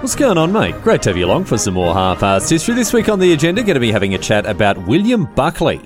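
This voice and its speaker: A man's voice: mid-range voice, wildly swooping pitch, fast talker, music in the background. An Australian man hosting a casual history podcast, telling the story in a rambling, slangy way. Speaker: podcast host.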